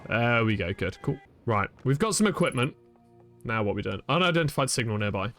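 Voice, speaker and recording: A man streaming a video game, chatting in an animated, self-mocking way. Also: mid-range voice, a little fast, faint music behind. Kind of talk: live gameplay commentary.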